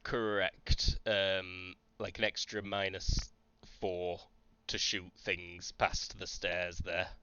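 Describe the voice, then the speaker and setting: A man's voice: low-pitched, level tone, slow, pushed and bright, clean tone, no echo, highs cut off. A man acting as game master of a tabletop game, explaining rules casually. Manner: casual, rules-focused, swears.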